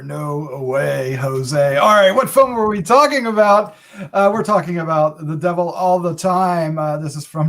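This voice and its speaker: Upbeat man hosting a movie review show. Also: a little high. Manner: upbeat, laughs often. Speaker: podcast host. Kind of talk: casual review chat.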